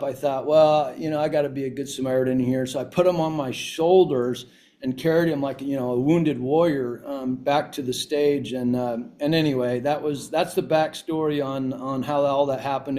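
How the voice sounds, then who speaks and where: A man's voice: medium pitch, steady tone, normal speed, mellow. A man guest on a podcast, telling a story with lots of restarts and fillers. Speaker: CEO guest. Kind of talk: casual storytelling interview.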